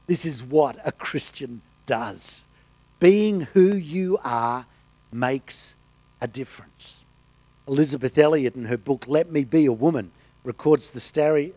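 A man's voice: medium pitch, warm tone, no echo. A man preaching a sermon, telling stories and delivering quotes with emphasis. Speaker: pastor.

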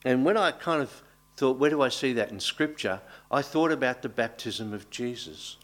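A man preaching a baptism sermon as pastor, speaking earnestly with small restarts and pauses. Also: medium pitch, lively intonation, a bit bright.

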